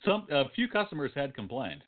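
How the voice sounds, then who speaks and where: A man's voice: mid-range voice, very animated, fairly quick. A man co-hosting a comedy podcast, trading dry jokes in a sleepy, casual way. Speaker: podcast co-host. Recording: tinny phone-like sound.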